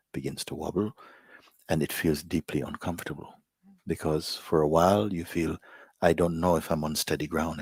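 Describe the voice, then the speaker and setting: Deep, husky man giving a soft spiritual talk. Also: dry recording, clean studio sound. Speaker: spiritual teacher. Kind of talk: satsang talk to a live gathering.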